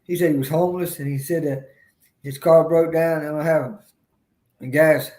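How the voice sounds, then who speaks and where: A man's voice: a little high, fairly even intonation, normal speed, a little mellow. A man telling a story in casual chat on a live stream, raising his voice to act out the people in it.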